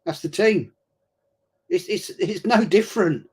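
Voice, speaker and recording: A man's voice: sits high, a little slow, a little mellow, slightly rough. A middle-aged man, chatting casually and telling rambling stories while streaming a football match. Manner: chatty rambling storyteller, blokey slang. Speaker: watch-along streamer. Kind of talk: casual live chat during a football match.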